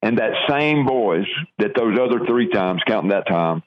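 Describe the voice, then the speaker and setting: An older man from the American South telling his personal testimony in a halting, earnest way, with many restarts. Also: on the low side, lively intonation, no room sound, muffled recording.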